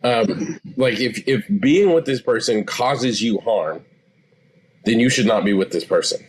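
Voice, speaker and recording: Therapist guy in his 40s, calm and sure of himself, explains stuff slowly. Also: lowish voice, slightly rough. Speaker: therapist guest. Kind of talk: interview answers.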